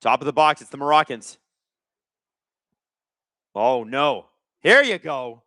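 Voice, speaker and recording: A young man hosting a live watch-along, reacting to the game with sarcastic, excitable commentary. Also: mid-range voice, takes it slowly, dry recording, studio quality. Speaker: live stream host.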